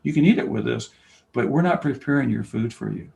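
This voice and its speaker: An older man, a basketball coach and camp founder, talking as an interview guest, telling stories and acting out quoted dialogue, from loud to whispering. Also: medium pitch, fairly quick, vocal fry, rough recording. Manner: animated storyteller, acts out quoted dialogue, swings from loud to whispering. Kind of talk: conversational interview, storytelling.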